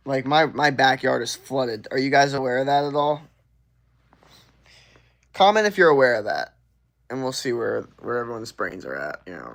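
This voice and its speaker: Man, streamer, live Q&A reading chat, slangy, offhand, middle pitch. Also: vocal fry. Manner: loose, slangy and offhand, reading comments aloud.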